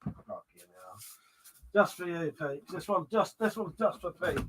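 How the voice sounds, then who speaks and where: This livestream host talks in a high-sitting, fairly bright voice at a moderate pace, with a slight hiss or hum in the audio. He chats loosely and reads out viewers' comments, rambling, cursing freely, and restarting often amid plenty of fillers.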